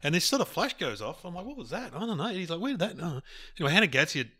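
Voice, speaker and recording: Aussie guy on a podcast, bright bouncy voice, tells stories and laughs, dry mic. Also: fairly high pitch, very fast. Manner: animated anecdotes, laughs through his stories. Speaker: podcast co-host. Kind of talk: casual chat.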